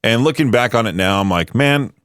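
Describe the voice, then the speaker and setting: A man's voice: lowish voice, animated, quick pace, a bit bright, clear, resonant tone, no room sound. A man hosting a radio show in a studio, chatting casually with lots of fillers and self-deprecating asides. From United States. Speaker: radio host.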